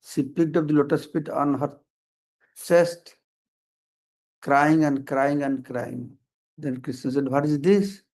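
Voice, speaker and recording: Older guy, slow devotional sermon, slightly high voice. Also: level tone, a little mellow, low-quality recording. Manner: retells scripture with quoted dialogue, simple phrasing, measured delivery. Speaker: swami giving a festival lecture.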